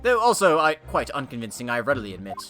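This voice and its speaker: A man's voice: medium pitch, very animated, fast talker, fairly bright tone, soft background music. A man voicing a flamboyant, boastful detective with grand, theatrical diction. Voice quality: grand British-style diction. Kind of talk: voicing game dialogue.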